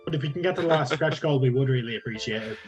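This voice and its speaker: A man's voice: mid-range voice, rapid-fire, highs cut off. A man chatting and joking as a player in a tabletop game. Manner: joking, playful banter. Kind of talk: casual chat between players. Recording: music playing behind the voice.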